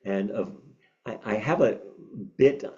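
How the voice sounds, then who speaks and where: A fairly low-voiced man gives a reflective teaching talk, pausing often on fillers and starting over. His tongue is bitten, so a few words sound a little off. The recording is slightly dull and lo-fi. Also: warm tone. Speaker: meditation teacher.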